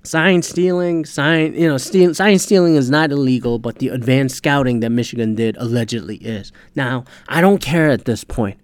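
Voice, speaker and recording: Man, podcast host, heated profane rant, mid pitch, dry close sound. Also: moderate pace, few pauses, clean tone, no room sound.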